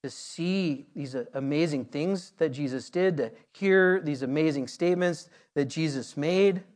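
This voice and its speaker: A man's voice: fairly high pitch, a little slow, a little mellow. A man preaching a conversational sermon, repeating words and building to emphatic peaks. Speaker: pastor.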